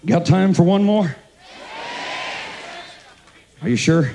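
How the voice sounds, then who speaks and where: A man preaching a revival sermon as pastor to a congregation, impassioned, rising into chanted singsong and dropping to low storytelling. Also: slow, vocal fry, dark tone, a little hiss or hum, poor audio. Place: church service before a congregation.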